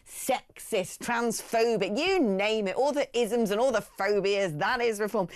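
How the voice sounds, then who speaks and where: Animated woman hosting talk radio. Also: a little high, dry recording, clean studio sound. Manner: animated, scornful. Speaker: radio talk show host.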